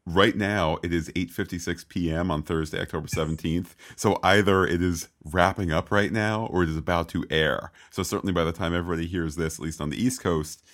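A man's voice: sits low, steady tone, a little fast, few pauses, fairly bright tone. A man co-hosting a podcast in casual chat, talking animatedly with exclamations and reading quotes aloud. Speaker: podcast co-host.

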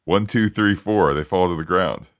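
A man co-hosting a podcast, recapping a TV episode in casual, animated chat with frequent restarts and asides. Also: low voice, normal speed, no room sound, clean studio sound. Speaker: podcast co-host.

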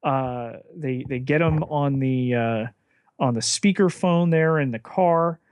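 A man with a mid-range voice unhurriedly picks apart an episode's fights and motives. His co-host recap is calm and analytical. The recording is close and dry. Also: mid-range voice, takes it slowly, clear, resonant tone, dry recording, highs cut off. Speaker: podcast co-host.

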